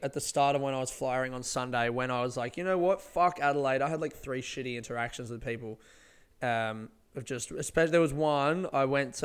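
Swearing comedian, rambling on. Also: male voice, mid-range voice, clear, resonant tone. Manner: rambling, swears freely, animated storytelling. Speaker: stand-up comedian. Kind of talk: casual podcast monologue.

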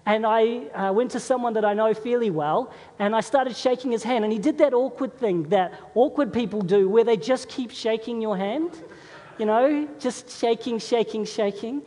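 Pastor preaching in a reverberant hall. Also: male voice, very high-pitched, normal speed, mellow. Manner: conversational storytelling, asks the congregation questions. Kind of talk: sermon. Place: church. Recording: long reverb of a large hall.

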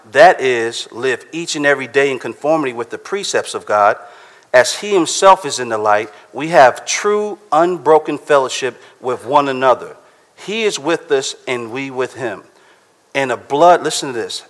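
A pastor, preaching a conversational sermon and reading scripture aloud slowly. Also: male voice, fairly high pitch, fairly bright tone.

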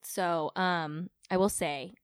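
A woman's voice: fairly low pitch, steady tone, slow, clear, resonant tone, no room sound, studio quality. A woman, co-hosting a podcast in casual chat, rambling with lots of likes and ums. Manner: chatty, filler-heavy, with frequent likes and ums. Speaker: podcast co-host.

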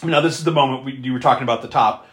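A podcast co-host recapping a horror movie in casual chat, animated and profane, often laughing. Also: very fast. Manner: animated, profane, laughing, with sudden pitch jumps. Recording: roomy echo.

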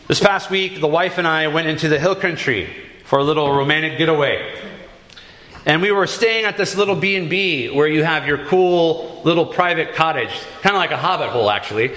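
A man preaching a sermon, telling stories with dramatic pauses. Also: on the high side, a bit bright, roomy sound. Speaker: pastor.

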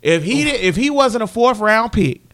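A man co-hosting a casual sports chat, animated and teasing, laughing often. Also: sits high, moderate pace. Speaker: podcast co-host.

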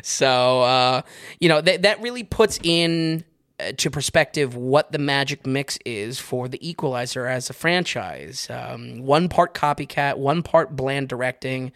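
A man co-hosting a podcast, reviewing films in casual chat, wry and quick to laugh at his own stories. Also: medium pitch, fairly bright tone, dry recording, clean studio sound. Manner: wry, laughs often while telling stories. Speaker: film reviewer, podcast co-host.

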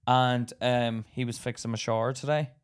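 A man co-hosting a podcast in loose, casual banter. He rambles and trips over his points, often sounding confused and giggling. His pitch sits at an ordinary middle for a man. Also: flat delivery, normal speed, clean tone. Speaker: podcast co-host.

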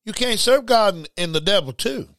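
A man's voice: high-pitched, animated, normal speed, fairly bright tone, no echo. A man preaching a sermon, emphatic and repetitive, reading scripture aloud. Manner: emphatic, repeats words, reads scripture aloud.

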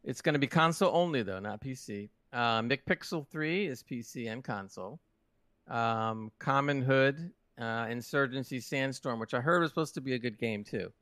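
A man's voice: medium pitch, normal speed, a bit bright, no echo. A British man co-hosting a gaming podcast, rambling through the week's game news with restarts. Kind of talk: casual chat.

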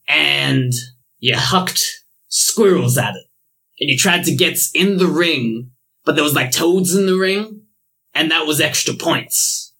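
A man's voice: on the high side, takes it slowly, vocal fry, pushed and bright, breathy edge, full character voice, poor audio. A man voicing a rustic old-timey character with a drawling way of talking. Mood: reminiscing.

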